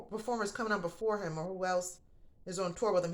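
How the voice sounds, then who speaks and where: A woman's voice: lowish voice, very animated, fairly quick. Blunt, profane woman talking to viewers. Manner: blunt and profane, swearing freely; talks straight to viewers as "honey" and "baby". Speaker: host. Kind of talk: casual opinion monologue.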